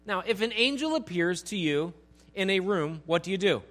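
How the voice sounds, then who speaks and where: A man, a pastor, teaching a Bible passage in a relaxed conversational way, asking his listeners questions and acting out the scenes. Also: high voice, normal speed. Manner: conversational, acts out scenes with asides.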